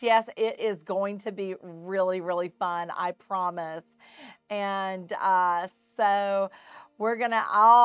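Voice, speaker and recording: Woman, live shopping host, smooth clear voice, dry close sound, chatty sales patter. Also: fairly high pitch, dry recording. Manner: chatty, greets viewers by name, upbeat sales patter. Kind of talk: live shopping show chat.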